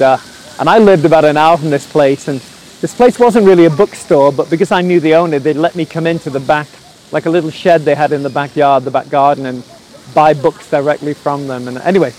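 A preacher tells a personal story in a high voice. He recounts it with lively energy and acts out the quoted lines. Faint sizzling noise sits behind him. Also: low-quality recording. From England. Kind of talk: storytelling sermon.

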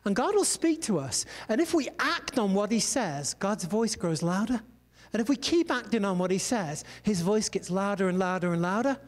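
Preaching in a high voice, this male pastor tells his sermon like a relaxed story shared over coffee, full of loose side comments. A long echo follows him as though he stands in a big church hall, and his intonation stays lively at an ordinary speed.

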